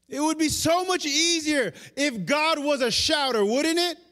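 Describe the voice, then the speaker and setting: A man preaching a sermon in a church during a live service, animated, swinging between loud emphasis and hushed delivery. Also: extremely high pitch, a little slow. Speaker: pastor. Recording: long reverb of a church hall.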